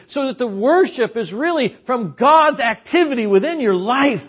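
A man's voice: very high-pitched, big pitch swings, normal speed, breathy edge. A man preaching a conversational sermon as guest preacher, chatty and given to joking asides. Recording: muffled lo-fi sermon recording.

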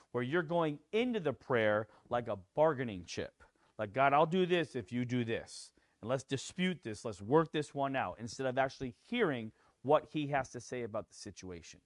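A man preaching a sermon in a conversational way, with fillers like "you know" and "kinda", who rises into animated acted-out quotes. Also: mid-range voice, dry recording, studio quality. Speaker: pastor.

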